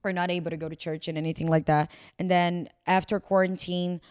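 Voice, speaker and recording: A young woman in her twenties from Brazil with a Brazilian Portuguese accent, a podcast guest telling stories in a lively way full of "like". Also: fairly low pitch, brisk, clear, resonant tone, no room sound, clean studio sound. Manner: animated storytelling, heavy use of "like". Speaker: guest, model. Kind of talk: casual podcast chat.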